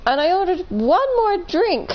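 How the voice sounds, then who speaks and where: A woman's voice: very high voice, sing-song, a little slow, lo-fi sound. A woman casually telling a long story on a live stream, rambling, correcting herself and laughing between points.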